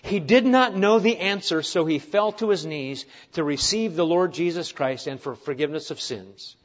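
A man's voice: on the high side, moderate pace, highs cut off. A man preaching a sermon to his congregation, earnest, with rhetorical questions and wry asides. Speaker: pastor.

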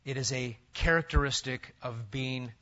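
Male preacher, bright forceful tone, big dynamic swings from shouts to hushes, lo-fi church recording. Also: mid-range voice, moderate pace. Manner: dramatic, swinging from loud emphatic bursts to hushed near-whispers. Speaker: pastor. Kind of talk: sermon.

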